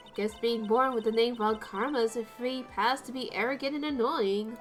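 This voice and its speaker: A woman's voice: fairly high pitch, moderate pace, few pauses, soft background music. A woman streamer giving casual, sarcastic commentary while dubbing a game. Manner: sarcastic, swearing, laughing.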